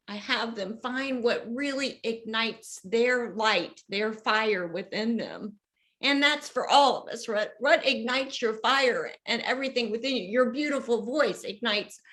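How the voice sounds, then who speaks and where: A middle-aged woman guest telling heartfelt stories in conversation, emotional and expressive. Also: fairly high pitch, rough recording. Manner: emotional, voices others in quoted lines. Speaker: guest, youth organizer.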